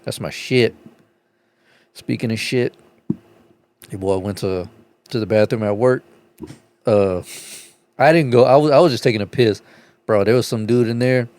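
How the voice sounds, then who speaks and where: A man's voice: moderate pace, pauses often, a little mellow, no echo. Profane laughing storyteller man, dry sound. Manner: profane storyteller, laughs through his stories; acts out other voices with big pitch jumps. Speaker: podcast co-host. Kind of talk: crude casual banter. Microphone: podcast studio mic.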